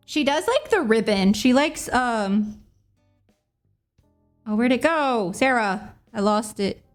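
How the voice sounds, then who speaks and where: Young woman streamer, bubbly and chatty, high lively voice, faint music behind. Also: slow pace. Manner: bubbly, apologetic, giggly, chatty. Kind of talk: casual gameplay chat.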